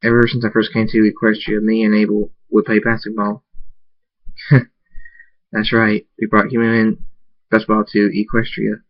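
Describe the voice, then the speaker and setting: A man with a low, flat voice reads his own first-person story aloud. He trips over words and restarts lines often. The recording is dry, muffled and lo-fi. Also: measured pace, pauses often, no echo. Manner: stumbling, repeats words while reading. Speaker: fan fiction author reading his story. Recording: dull lo-fi recording.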